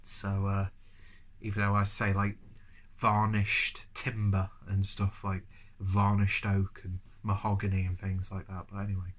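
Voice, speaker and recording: A man's voice: deep voice, completely flat delivery, a little slow. A man with a cold and a stuffy nose, reviewing a beer in a rambling, chatty, self-deprecating way. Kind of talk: casual review vlog.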